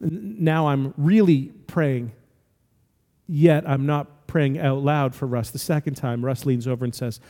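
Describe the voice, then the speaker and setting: A man's voice: mid-range voice, a little slow, mellow, big-room sound. A man in his forties preaching a sermon, telling a story and building to emphatic, rising exhortations. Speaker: pastor.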